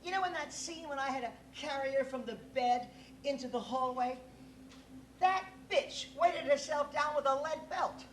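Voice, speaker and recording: A sardonic, high-voiced aging movie diva. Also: male voice, moderate pace, fairly bright tone, a little hiss or hum. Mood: scornful. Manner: drawling, sardonic, profane. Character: aging female movie diva, acid-tongued, imperious. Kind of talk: stage play acting. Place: theater stage. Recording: echoey live stage recording.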